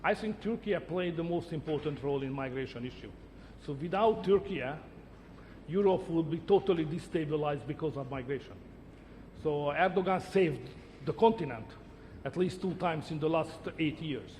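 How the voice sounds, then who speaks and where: In a large hall with slight background noise, a middle-aged man, a head of government and native Hungarian speaker, gives emphatic, short, word-repeating interview answers. He sounds a little high and expressive, with a darkish tone at a moderate pace.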